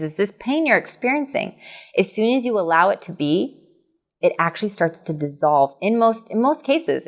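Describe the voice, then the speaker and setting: A woman hosting a podcast as a coach, talking in a casual, animated way with frequent laughs and restarts. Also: lowish voice. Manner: animated and chatty, laughs often, many restarts. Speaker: podcast host and business coach. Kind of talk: casual conversation.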